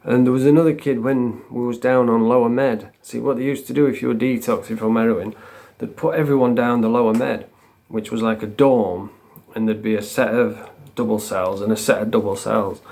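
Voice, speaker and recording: Man, casual storyteller, rambling and sweary, mid-pitched, plain delivery. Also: gravelly. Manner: rambling, swearing, laughs at own stories; acts out quotes with shouts. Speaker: vlogger.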